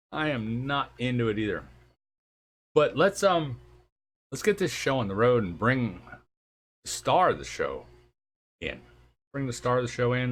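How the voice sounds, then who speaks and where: A man hosting a live stream, asking his guest questions in an easygoing way and laughing often. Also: mid-range voice. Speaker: stream host. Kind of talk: casual interview on a live stream. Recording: faint background noise.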